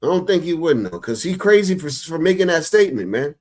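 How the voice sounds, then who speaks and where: Man, reaction commentary, casual, profane, incredulous, exasperated, slightly high voice. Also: sing-song, fairly quick, darkish tone.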